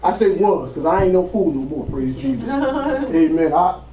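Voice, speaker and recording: A man's voice: high voice, lively intonation, normal speed, mellow, far from the mic. A man preaching a sermon in a church, peppering his points with "praise God" as the congregation answers amen. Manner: punctuates lines with "praise God", drawing call-and-response. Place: church sanctuary. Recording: roomy, from the mic.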